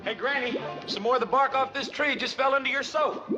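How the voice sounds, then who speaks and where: Gawky hillbilly youth: hollering, very high, rapid; muffled 1960s TV audio. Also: male voice, very animated. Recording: old TV audio with loud laugh track and music.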